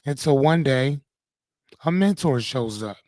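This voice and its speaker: A man's voice: mid-range voice, lively intonation, measured pace, darkish tone, no echo. A man hosting a live-streamed motivational talk, speaking casually, swearing freely and often checking in with "right?". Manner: casual, profane, keeps asking "right?".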